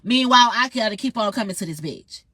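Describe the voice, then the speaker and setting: A woman's voice: on the high side, lively intonation, fast talker, pushed and bright, no echo. A woman ranting in a heated, profane, confrontational monologue straight to her viewers. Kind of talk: angry monologue vlog.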